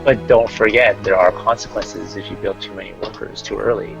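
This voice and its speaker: A man's voice: fairly low pitch, steady tone, a little fast, creaky, muffled recording, faint music behind. A man in casual gaming chat, walking a friend through a game in an instructive, teasing way. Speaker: gamer guiding a friend.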